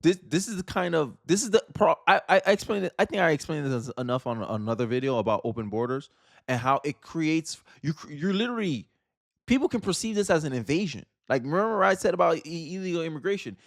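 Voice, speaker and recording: A man's voice: fairly high pitch, fast talker, vocal fry, dry recording, studio quality. A man from Florida hosting casual political commentary, talking emphatically with slang and frequent restarts.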